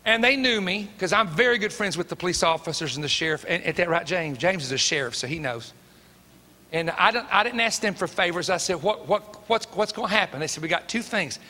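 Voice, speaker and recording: Middle-aged Tennessee preacher, high bright voice, emphatic storytelling sermon in a reverberant sanctuary. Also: male voice, animated, brisk. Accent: Tennessee Southern. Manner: folksy and emphatic, acts out dialogue. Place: church sanctuary. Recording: long hall reverb.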